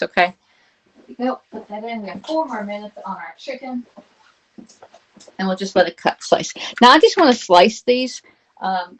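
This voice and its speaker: A woman's voice: lowish voice, a little hiss or hum. A woman hosting a live cooking stream from her home kitchen, talking casually, greeting viewers by name and checking in with "all right?". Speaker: livestream cooking host.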